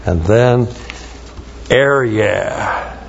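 Slow-talking man teaching Hebrew words. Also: fairly low pitch, vocal fry, a little hiss or hum. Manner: slow, spells out words letter by letter. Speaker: Bible teacher. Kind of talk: verse-by-verse Hebrew word study. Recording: dull lo-fi recording.

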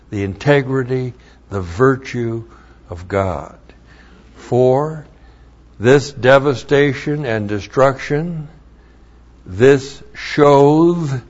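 A man teaching the Bible verse by verse, spelling out words letter by letter and repeating his points for emphasis. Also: mid-range voice. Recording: dull lo-fi recording.

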